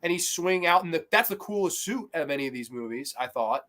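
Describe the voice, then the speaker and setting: Brief: male podcast talker, slightly high voice, loose, animated, swears casually. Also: fast talker. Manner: animated, swears freely, trails into fillers. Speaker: podcast co-host.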